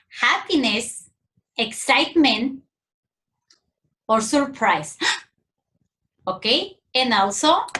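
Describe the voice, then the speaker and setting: Mexican woman teacher, lively high voice, unhurried lesson for small kids. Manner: slow, clear, sing-song teacherly delivery. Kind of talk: recorded grammar lesson for young children.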